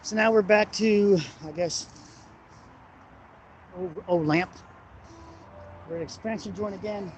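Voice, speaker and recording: High-pitched guy walking a bridge at night explaining stuff, rambly, cusses, wind and traffic loud on the cam. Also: slow pace, pauses often, highs cut off. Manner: rambling, hesitant, swears when annoyed. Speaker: construction engineering vlogger. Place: outdoors on a city bridge at night. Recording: noisy outdoor wind and traffic.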